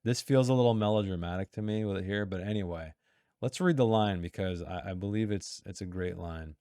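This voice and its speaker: A man's voice: sits low, brisk, warm tone, clean tone, no room sound. Chatty man with a dry, close voice. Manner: chatty, self-interrupting, reads passages aloud. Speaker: writer giving editing critique. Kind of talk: casual critique reading from a text.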